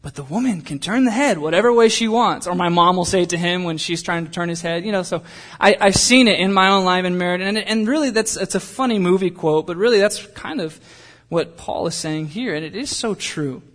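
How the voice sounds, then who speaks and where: A young man gives a sermon in a loose, conversational way, drifting into jokes and stories from home. His voice sits high for a man. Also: a little fast, a bit bright. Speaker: pastor.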